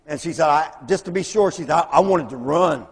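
A man preaching, telling lively stories and acting out the voices of the people in them. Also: on the high side, brisk, breathy edge. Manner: animated storyteller, acts out voices in quotes. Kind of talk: storytelling sermon. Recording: long hall reverb.

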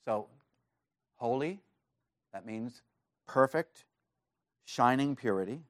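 A male pastor preaching a sermon, earnest and emphatic, rising to excited emphasis on key points. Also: mid-range voice, slow, no echo, clean studio sound.

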